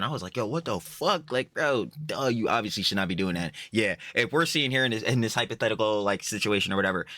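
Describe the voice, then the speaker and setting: A man's voice: on the low side, dry recording, clean studio sound. Blunt, swearing man ranting on reaction stream. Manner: blunt, mocking, swears constantly, rants loudly. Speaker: reaction channel host. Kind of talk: casual profane reaction commentary.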